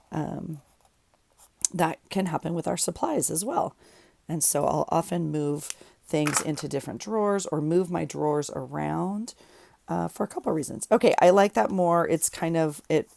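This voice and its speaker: A woman's voice: low voice, gravelly, a little mellow, no room sound. A woman vlogger chatting casually in her home craft room, rambling and thinking aloud as she works on a journal page. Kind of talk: casual chat while crafting.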